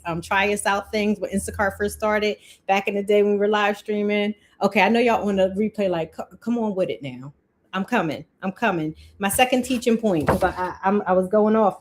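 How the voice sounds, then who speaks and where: A woman, hosting a casual live-stream budgeting talk, chatty and quick to laugh, breaking off her own sentences. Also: mid-range voice. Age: 40s. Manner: chatty, laughs often, self-interrupting. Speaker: livestream host.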